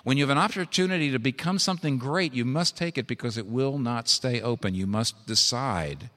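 A man preaching a sermon, earnest and pleading, who swings from quiet storytelling to urgent, climbing exhortation. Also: mid-range voice, a little fast, in a large hall.

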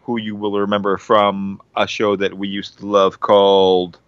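A man's voice: fairly low pitch, little pitch movement, normal speed, clean tone, dry recording, highs cut off. A man on a casual podcast, rambling enthusiastically about a TV series with lots of fillers and restarts. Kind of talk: casual show recommendation.

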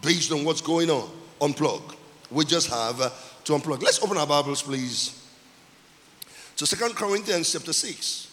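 A male pastor preaching a sermon, repeating key phrases and shouting for emphasis. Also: on the high side, moderate pace. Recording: long hall reverb.

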